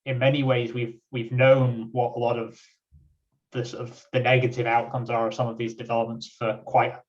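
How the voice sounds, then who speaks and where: Hoarse male webinar moderator, flat and hesitant, distant dull lo-fi call audio. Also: medium pitch, normal speed. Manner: hesitant, many fillers and restarts. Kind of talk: hosting a webinar discussion. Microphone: video call.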